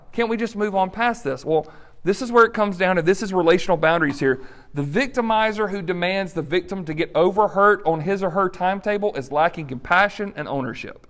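Male pastor, sermon, earnest and direct, fairly high voice, conversational fillers. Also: a bit bright.

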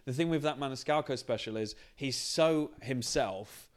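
Backstage in the green room, the podcast's non-binary comedian guest muses casually, with frequent restarts as thoughts take shape. The mid-range voice moves at normal speed with few pauses.

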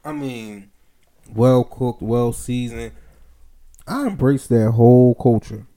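A man chatting casually on a podcast, hyped and full of shout-outs. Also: mid-range voice, expressive, takes it slowly. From Philadelphia. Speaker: podcast host.

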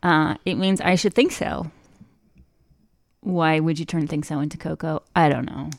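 A woman with a low, gravelly voice banters as a radio co-host, playful and quick to giggle. She speaks close to a studio microphone, and the sound is dry and near. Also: no room sound. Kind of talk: casual on-air banter.

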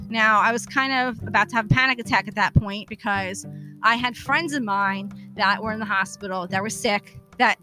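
A woman hosting a podcast, telling a personal story in a candid, profane, animated way, acting out the dialogue she quotes. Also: mid-range voice, moderate pace, music in the background. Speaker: podcast host. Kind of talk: casual storytelling monologue.

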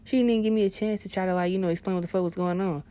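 A young woman delivering a profane comedic rant, swinging between hushed asides and loud outbursts. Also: medium pitch, fairly even intonation, racing. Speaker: vlogger.

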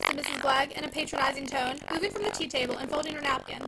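Lively, gravelly woman reading a novel. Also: high-pitched, quick pace, hardly any pauses. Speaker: audiobook reader. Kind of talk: reading a classic novel aloud. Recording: loud background noise.

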